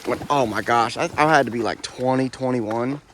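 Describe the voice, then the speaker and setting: A man's voice: mid-range voice, moderate pace. A young man in his twenties, a horse trainer, talking in a laid-back, rambling, reflective way while riding outdoors on a wooded trail. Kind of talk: casual vlog narration while riding. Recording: faint outdoor noise.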